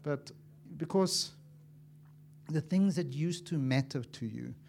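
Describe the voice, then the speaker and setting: A man preaching a sermon as an evangelist, impassioned and swinging from loud to hushed, acting out little dialogues as he tells stories. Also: a little high, takes it slowly, creaky, a little hiss or hum. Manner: acts out dialogue in storytelling.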